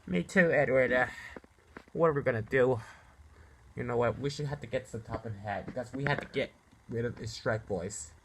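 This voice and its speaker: A man voicing a friendly male little engine who talks quietly and hesitantly, over background music. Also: medium pitch, moderate pace, a little hiss or hum, natural voice.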